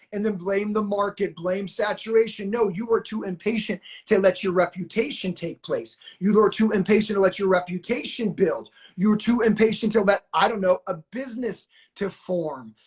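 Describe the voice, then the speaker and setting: A man's voice: high voice, moderate pace, hardly any pauses. Pumped-up male live-stream coach. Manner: pumped-up, hype-man, shouts "let's go". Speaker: notary training coach and live-stream host. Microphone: phone or webcam on a video live stream.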